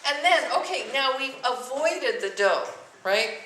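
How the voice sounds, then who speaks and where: With a high-sitting, animated voice and a measured pace, a woman leads a music lesson, demonstrating with sung note names and quizzing the students. It's captured from far away in an echoey, noisy classroom.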